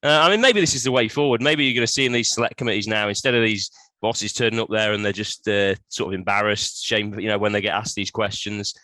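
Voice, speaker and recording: A man's voice: lowish voice, fairly even intonation, fast, few pauses, bright, forceful tone, no echo. A man, a guest on a comedy podcast, reading joke headlines in a matter-of-fact way.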